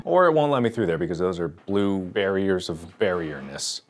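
A man in his thirties, a gaming YouTuber doing let's play commentary, animated and yelping as he plays in VR, winded from moving. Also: deep voice, moderate pace, music in the background. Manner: animated, yelps and jokes while playing VR.

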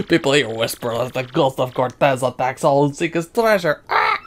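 A man's voice: medium pitch, wildly swooping pitch, normal speed, fairly bright tone. A man doing a pompous fake-French trader. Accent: fake French accent. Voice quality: grandiose, theatrical. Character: pompous vain male wealthy trader. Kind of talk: let's play voicing game characters.

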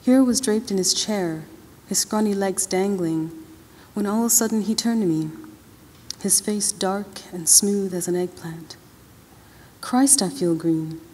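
Woman author, literary reading, drawling colloquial narration, mellow tone, podium mic, long hall reverb. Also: medium pitch, normal speed, slight background noise. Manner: first-person narration in loose, drawling colloquial dialect. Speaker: author reading from her novel. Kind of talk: literary reading at an awards ceremony. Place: large ceremony hall.

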